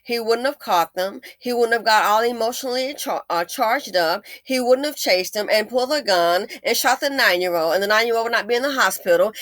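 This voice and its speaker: A woman hosting an opinion commentary, sarcastic and emphatic, swinging between loud stresses and low muttered asides. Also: no room sound. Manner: sarcastic and emphatic, with repeated jabs. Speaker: commentary channel host.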